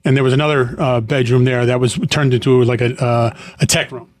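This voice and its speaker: A middle-aged man co-hosting a casual chat, telling stories in an animated way and laughing often. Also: mid-range voice, a little fast. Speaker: podcast co-host, owner in the family business.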